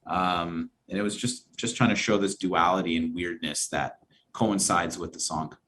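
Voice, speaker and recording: A man's voice: deep voice, fairly even intonation, normal speed, bright, forceful tone, a little hiss or hum. A man around thirty, a band member being interviewed, who explains things at length in an earnest, reflective way. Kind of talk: conversational interview.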